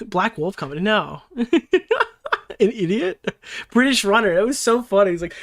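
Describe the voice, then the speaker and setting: A man's voice: sits high, expressive, moderate pace, fairly bright tone. A young man hosting a casual livestream, rambling and swearing as he answers chat, laughing often and slipping into mocking impressions. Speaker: streamer and commentary host.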